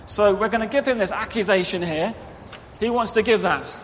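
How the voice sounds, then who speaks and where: A man's voice: sits high, normal speed, a bit bright, slight background noise. A man preaching an interactive children's talk in church, directing the children and acting out quotes into a microphone. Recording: reverberant hall, faint ambience.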